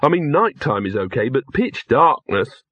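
A man's voice: mid-range voice, sing-song, moderate pace, a bit bright, husky, dry recording, highs cut off. A man playing a nervous, earnest young man. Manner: hesitant, nervous. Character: anxious, earnest young man, easily flustered.

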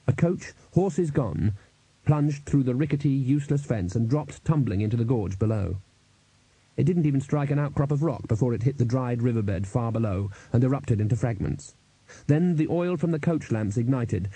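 A man reads an audiobook in a dry, measured way, his voice very dark and mellow with a husky edge. The recording is close and dead, with no room sound at all. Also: medium pitch, no room sound, rough recording. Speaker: narrator. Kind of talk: audiobook narration.

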